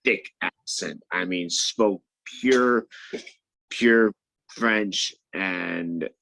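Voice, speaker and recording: A man telling a story in casual chat, animated and stammering, acting out the other people's lines. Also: low-pitched, very slow, gravelly, no room sound, rough recording. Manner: animated, acts out quoted voices, stammers and restarts. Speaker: MMA fighter guest.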